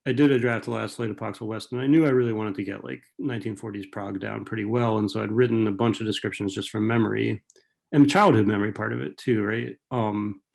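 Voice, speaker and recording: Gravelly-voiced man, rambling and casual. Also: lowish voice, steady tone, fast. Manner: rambling, filler-heavy, frequent rhetorical "right?". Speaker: author and writing professor. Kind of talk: casual talk answering audience questions.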